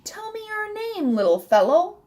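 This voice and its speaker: A woman's voice: extremely high pitch, very animated, normal speed, mellow, voice pushed up. A woman reading a children's storybook aloud, voicing a kindly, chatty female sparrow who chirps and chuckles as she fusses. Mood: chirpy.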